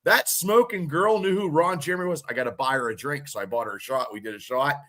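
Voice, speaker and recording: A man's voice: fairly high pitch, quick pace, sharp tone. A man hosting a podcast in casual chat, blunt and joking as he tells stories. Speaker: podcast host.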